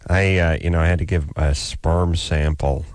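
A man hosting a talk show, telling a comic story in a lively way and acting out other people in high squeaky voices. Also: normal speed, dry recording, clean studio sound. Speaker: host.

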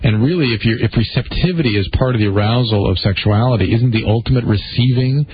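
Male radio co-host, measured and explanatory, mid-pitched, lo-fi sound. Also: slight background noise. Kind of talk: call-in radio talk. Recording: lo-fi radio broadcast.

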